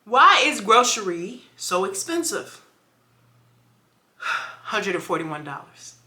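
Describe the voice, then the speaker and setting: A woman's voice: mid-range voice, sharp tone, echoey room. A woman filming a casual home cooking vlog in her kitchen, chatting and joking with viewers as she cooks. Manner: chatty and joking, talks straight to viewers as y'all. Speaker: home cook vlogger.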